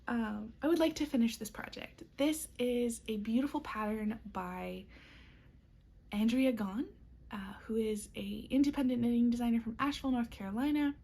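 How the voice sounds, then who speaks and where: Chatty woman with a husky, gravelly voice. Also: on the high side, normal speed, mellow. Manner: chatty, upbeat, frequent ums and small laughs. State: has the hiccups. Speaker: knitting vlogger. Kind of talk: casual chat.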